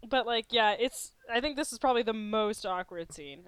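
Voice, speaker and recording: A woman's voice: on the high side, lively intonation, moderate pace, clean tone, no echo. A woman co-hosting a podcast in casual chat, blunt and peppered with "like". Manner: blunt, frequent "like". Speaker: podcast co-host.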